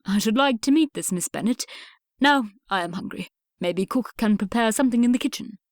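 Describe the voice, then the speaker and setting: A woman reading an audiobook, voicing a blustering older Regency father who speaks in a booming, brusque and emphatic way. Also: lively intonation, a little fast, no room sound, studio quality, natural voice. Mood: stern.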